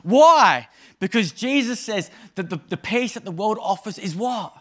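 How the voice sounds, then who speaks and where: A man in his thirties preaching a sermon in a conversational, humorous way, with sudden emphatic rises and soft drops. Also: high voice, moderate pace. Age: 30s.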